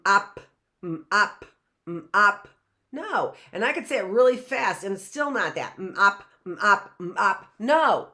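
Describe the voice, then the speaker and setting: Slow, lively woman teaching phonics. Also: fairly low pitch. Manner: asks the class and answers herself, sounding out letters; drawn-out, repeated sounds and frequent "right?". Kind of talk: live phonics lesson.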